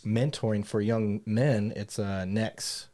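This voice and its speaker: A podcast host with a northern US accent talks in a fairly low voice. He rambles and corrects himself mid-sentence, laughing easily as he chats. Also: fairly even intonation, takes it slowly, mellow. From Michigan. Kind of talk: casual podcast chat.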